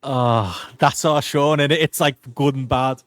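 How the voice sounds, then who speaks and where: Man, podcast co-host, rambling casual chat, average pitch, dry close mic. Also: fairly even intonation, unhurried, dry recording. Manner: chatty, full of fillers, laughing.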